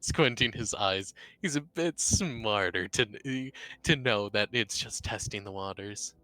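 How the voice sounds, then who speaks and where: A man's voice: lowish voice, unhurried, sharp tone, no room sound. A man narrating his character's actions in a tabletop game, casual and third-person. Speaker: player.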